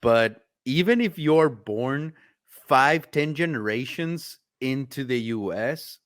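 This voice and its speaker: A man's voice: mid-range voice, expressive, takes it slowly, dry recording. Sarcastic man rambling in a dry room. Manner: sarcastic, rambling with many fillers. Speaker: host. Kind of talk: casual chat.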